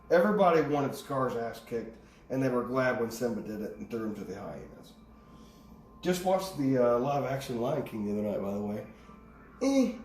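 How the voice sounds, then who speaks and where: A man's voice: medium pitch, a little mellow. A man giving a casual tarot reading, rambling off on tangents and swearing casually. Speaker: tarot reader. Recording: echoey room, distant mic, faint ambience.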